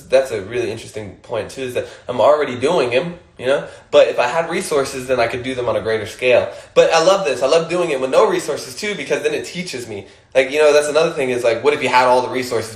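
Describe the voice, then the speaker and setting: A man's voice: mid-range voice, reverberant. A man hosting an Instagram Live, giving a casual motivational monologue, emphatic and swearing casually, often laughing and repeating his points.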